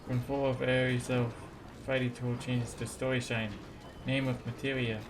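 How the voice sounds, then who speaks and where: A man reading lines for a goblin craftsman in halting, broken speech, mostly in his own voice. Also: mid-range voice, background noise, lightly acted. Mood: earnest. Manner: halting pidgin phrasing, read flatly. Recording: game music behind.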